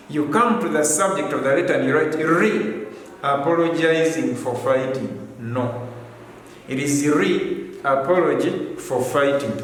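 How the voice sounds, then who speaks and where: A man's voice: a little high, slight background noise. A man teaching a class, stressing and repeating key points, recorded from a distance. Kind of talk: classroom lesson. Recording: echoey room from far off.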